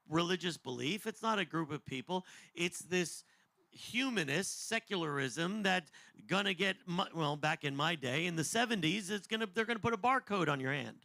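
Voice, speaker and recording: A man in his fifties teaching on the end times in a loose, animated, jokey way, wandering off on tangents. His voice sits high and has a gravelly edge. The sound is dry and close, with no room around it. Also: no echo. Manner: animated, jokey, digressive, acts out voices in quotes. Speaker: podcast host and Bible teacher.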